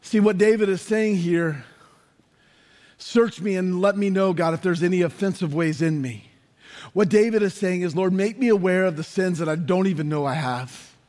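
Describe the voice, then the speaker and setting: A man preaching a sermon as pastor, impassioned and building to shouted lines. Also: high voice, moderate pace. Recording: long reverb of a large hall.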